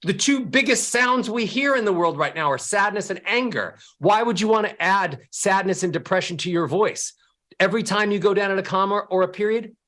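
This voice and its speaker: Male voice coach, lively swooping pitch, motivational talk, acts out sad and angry voices. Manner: animated, with sweeping pitch.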